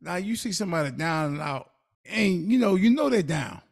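A man's voice: high voice, animated, normal speed, creaky, no echo, studio quality. A man co-hosting a podcast, giving earnest, preachy advice in casual talk. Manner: earnest, preachy advice with Southern Black vernacular. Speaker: podcast co-host.

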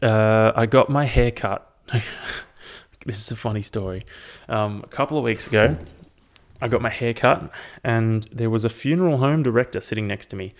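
Rambling, profane Aussie guy, gravelly. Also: mid-range voice. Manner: rambling and profane, with frequent ums. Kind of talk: casual chat.

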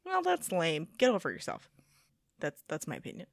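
A young woman co-hosting a casual chat podcast, chatty and teasing, quick to react to her friend. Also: fairly low pitch, huge pitch swings, gravelly, no room sound, clean studio sound. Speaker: podcast co-host.

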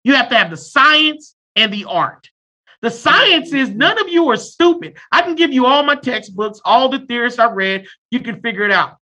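A man in his thirties, a therapist in casual conversation, talking loudly and bluntly with off-color jokes. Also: very high voice, animated, moderate pace. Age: 30s. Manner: loud and abrasive, blunt and joking.

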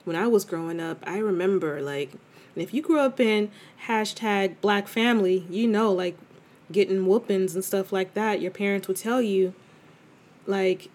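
Speaking at normal speed with a medium-pitched, darkish voice, this podcast host muses openly and conversationally. Her casual reflections are full of fillers and false starts.

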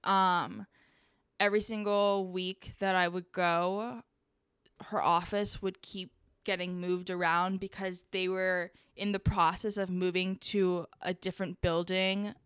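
Woman, casual podcast chat, smooth resonant voice, dry close sound, animated storytelling. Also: lowish voice, measured pace, dry recording. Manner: chatty, animated storytelling with frequent fillers.

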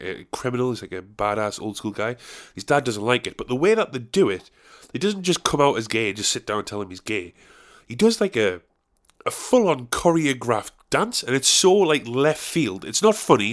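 A man in his thirties talks on his own in a loose, wandering monologue, chatty and quick to poke fun at himself. His pitch sits in an ordinary middle range. He swears casually as he goes. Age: 30s. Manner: rambling, chatty, self-mocking, swears. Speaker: comedian and musician.

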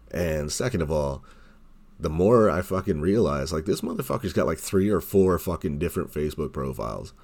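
Very deep-voiced man ranting, profane. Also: a little mellow. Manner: heated, sarcastic, heavy swearing, mocks others in quoted voices. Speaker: podcast host.

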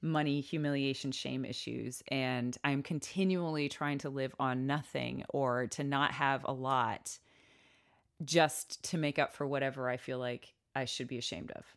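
Podcast guest, woman, strikingly low voice, frank and self-deprecating. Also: steady tone, a little slow. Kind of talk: casual chat.

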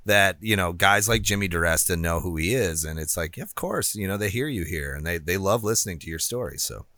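Bright-voiced, earnest male co-host. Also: low voice, brisk, dry recording. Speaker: podcast co-host. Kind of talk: casual podcast chat.

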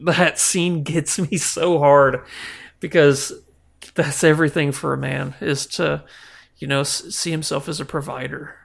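A young man co-hosting a movie podcast, rambling with many restarts and quick laughs, easily moved. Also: fairly high pitch, fairly even intonation, gravelly. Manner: rambling, restarts, laughs often, gets emotional. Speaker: podcast co-host. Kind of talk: casual movie chat.

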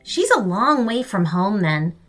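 A woman voicing Bashy, a hopeful, excitable little boy. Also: medium pitch, unhurried, soft background music. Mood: excited. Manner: excited and gentle.

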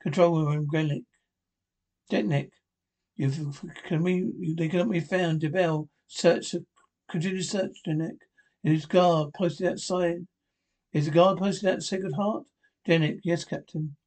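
Man reading a script aloud, halting. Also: a little high. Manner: flat, halting reading with restarts. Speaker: reader of a drama script. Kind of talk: reading a script aloud, naming speakers and stage directions.

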